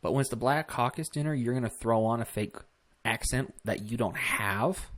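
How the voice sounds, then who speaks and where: A man's voice: medium pitch, moderate pace, a bit bright. Blunt, swearing male commentator. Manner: blunt, profane, rambling with fillers. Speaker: political commentary host. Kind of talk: casual opinion commentary.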